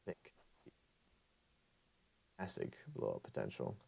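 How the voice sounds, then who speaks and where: A man's voice: slow, mellow. A young man hosting an ASMR channel, chatting casually about other creators, rambling and hesitant with many fillers, his voice sounding a bit off. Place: room with Pokemon items.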